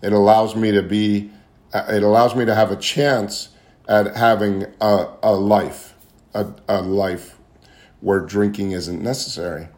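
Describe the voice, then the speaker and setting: His voice lowish and darkish, with little pitch movement and a measured pace, a man tells the story of his recovery. The talk is an earnest, confessional testimony, with phrases repeated as he searches for what to say.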